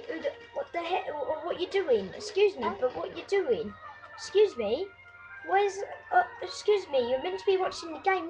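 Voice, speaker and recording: A woman giving excitable gameplay commentary while playing, exclaiming and swearing at the game and calling out her own shots in mock play-by-play. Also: sits high.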